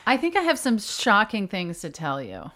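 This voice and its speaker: A woman's voice: medium pitch, huge pitch swings, moderate pace, bright, forceful tone. A woman co-hosting a podcast in casual chat, with dry, teasing banter. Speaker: podcast co-host.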